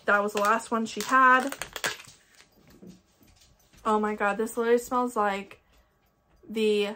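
A woman's voice: fairly high pitch, fairly even intonation, takes it slowly, sharp tone, a little hiss or hum. Chatty Ohio woman reviewing candles. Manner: chatty, rambling, enthusiastic. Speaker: candle collector vlogger. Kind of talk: casual product review chat.

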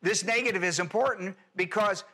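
A man's voice: high voice, a little fast, bright, forceful tone. A male pastor giving an expository Bible teaching sermon, stressing points with rhetorical questions and explaining Greek grammar.

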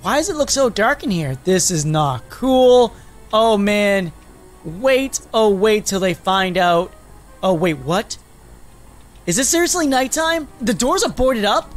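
A man's voice: sits high, sing-song, measured pace, soft background music. A man voicing a confused, anxious young man trapped in a fox costume, rambling in a Minecraft role-play. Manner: rambling, anxious, restarts a lot.

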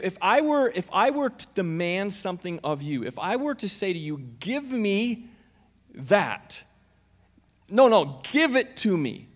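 Male pastor with a high voice, preaching conversationally to his congregation; church hall with a long reverb tail. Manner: conversational, questions the congregation directly. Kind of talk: sermon. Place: church auditorium.

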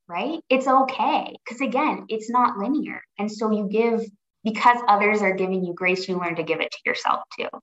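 A woman's voice: medium pitch, a little fast, fairly bright tone. Earnest woman guest, roomy lo-fi sound. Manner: earnest and reflective, with frequent restarts. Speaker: podcast guest. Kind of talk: conversational interview.

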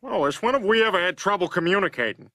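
A dim-witted, goofy middle-aged cartoon dad who talks with blustery confidence. His voice lifts a bit above an ordinary man's and swings up and down in wide, lively curves, with sudden yelps. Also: sits high, fast, loud music behind the voice. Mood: smug. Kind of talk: animated sitcom acting.

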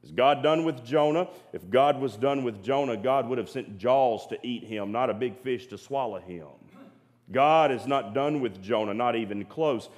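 Earnest preacher man, mid pitch. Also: normal speed. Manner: earnest, repeats words, drops to quiet emphasis. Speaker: pastor. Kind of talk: sermon. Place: church sanctuary.

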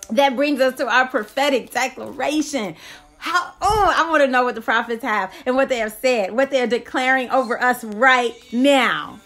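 Fast-excitable woman reading a devotional. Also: on the high side. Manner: excitable, exclamatory, laughs often. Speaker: devotional reader. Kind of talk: reading and commenting on a daily devotional. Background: faint worship music.

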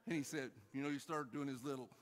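A man preaching a sermon, telling a story and urging his church, moving between loud calls and quiet asides. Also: mid-range voice, quick pace, long reverb tail. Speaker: pastor. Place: church hall.

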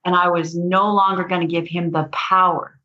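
Animated woman storyteller, lo-fi sound. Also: on the low side, normal speed. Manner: animated storyteller, laughs often. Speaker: guest author. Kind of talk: storytelling interview. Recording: dull lo-fi audio.

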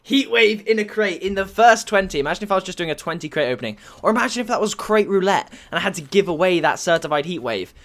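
A young man giving excited commentary as a gaming YouTuber, easily bursting into shouts and laughs. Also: high-pitched, quick pace, hardly any pauses. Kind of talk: excited game-opening commentary.

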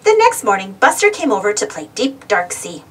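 A woman narrating a children's storybook aloud, expressive, with a distant mic. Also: mid-range voice, moderate pace, husky. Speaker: storybook reader.

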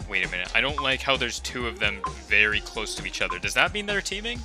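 A man giving excitable gameplay commentary, breaking into loud shouts, laughter and playful beep noises. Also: medium pitch, a little fast. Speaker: gaming video creator. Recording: clear background music. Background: background music.

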